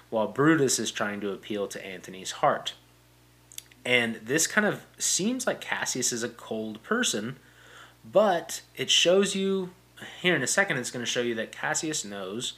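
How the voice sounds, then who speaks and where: A young adult man hosting a podcast casually retells and explains a classic play, paraphrasing its quotes with frequent fillers and restarts. His voice is medium-pitched and fairly bright.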